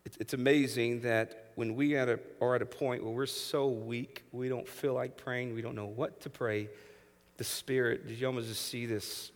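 A male pastor in his thirties delivers an animated sermon with a medium-pitched voice. He drops to a hush and then rises to near shouts, acting out voices along the way. His words ring with a long reverb from the church sanctuary. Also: moderate pace. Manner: animated preaching, swings from hushed to loud, acts out voices.

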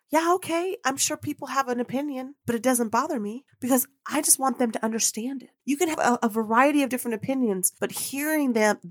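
A woman's voice: a little high, fairly bright tone, no echo, studio quality. A woman hosting a spiritual self-help podcast, speaking in emphatic, repetitive affirmations and calling the listener babe. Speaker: podcast host. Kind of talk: motivational spiritual monologue. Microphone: podcast mic.

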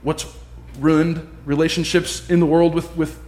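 An unhurried pastor with a slightly high voice gives an easygoing sermon, bringing his story to life by imitating the voices of those in it. He's animated, and the recording has room echo.

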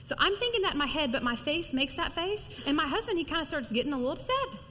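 A middle-aged woman preaching to women in a lively, conversational sermon, acting out little stories as she goes. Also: sits high, fast, long reverb tail, a little hiss or hum. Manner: lively, animated storytelling with acted-out quotes. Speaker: women's ministry speaker.

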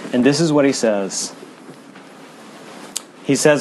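A male pastor preaching a sermon in a church, earnest, swinging from fast emphatic runs to low, quiet stretches. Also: fairly even intonation, a little hiss or hum.

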